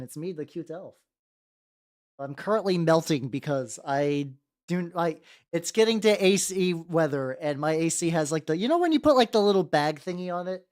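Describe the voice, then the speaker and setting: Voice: medium pitch, animated, normal speed, darkish tone. A VTuber streamer chatting casually while painting miniatures, rambling and greeting viewers by name with casual swearing. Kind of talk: casual livestream chat.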